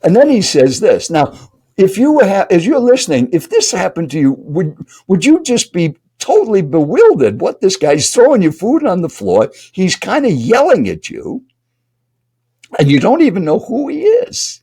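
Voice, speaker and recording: A man's voice: high voice, wildly swooping pitch, moderate pace, warm tone, husky. An older man, a speaking coach and guest, telling a dramatic story while speaking directly to the listener. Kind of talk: animated storytelling.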